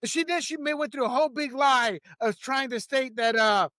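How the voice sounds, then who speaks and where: A man's voice: very high-pitched, moderate pace, few pauses, sharp tone, dry recording, studio quality. A man hosting a political commentary show, talking in a heated, emphatic way and laughing at his own jokes.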